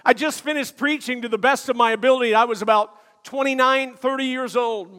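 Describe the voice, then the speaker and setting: An older male pastor preaching a sermon, telling stories with frequent "uh" fillers and building to shouted emphasis. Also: extremely high pitch, steady tone, brisk. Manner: storytelling preacher with many "uh" fillers, rising to shouts. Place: church sanctuary. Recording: long hall reverb.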